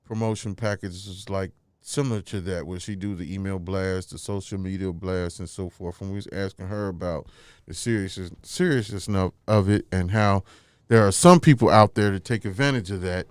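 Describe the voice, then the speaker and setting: A man's voice: sits low, moderate pace, clean tone, dry recording. A man hosting a casual interview show, easygoing and joking as he asks questions. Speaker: host.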